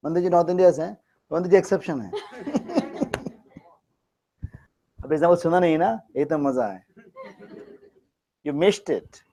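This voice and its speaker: A man's voice: a little high, dark tone, poor audio. A man from Bangladesh teaching a class, teasing and joking as he quizzes his students. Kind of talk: classroom lecture.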